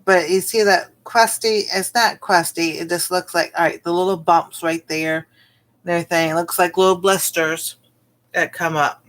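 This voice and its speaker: Woman, home cooking vlogger, bright forceful voice, rambling casual storytelling on a livestream. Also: fairly low pitch, steady tone, normal speed. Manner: rambling, with many fillers and exclamations.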